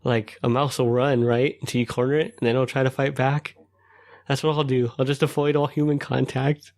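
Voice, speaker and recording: A man's voice: mid-range voice, little pitch movement, a little fast, a little mellow. A man co-hosting a podcast in casual chat, rambling with lots of fillers and frequent laughter. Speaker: podcast co-host.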